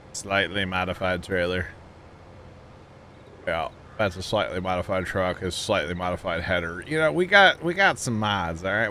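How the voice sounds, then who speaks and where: Male streamer, low-pitched, rambling casual chat, faint vehicle noise behind. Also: sharp tone. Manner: rambling, chatty, trailing off with fillers. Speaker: game streamer. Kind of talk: casual livestream chat while gaming.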